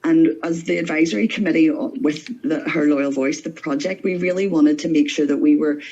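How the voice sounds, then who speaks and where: Male committee member, slightly high-pitched, earnest and halting, in a muffled recorded clip. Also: steady tone, darkish tone. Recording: dull lo-fi video clip.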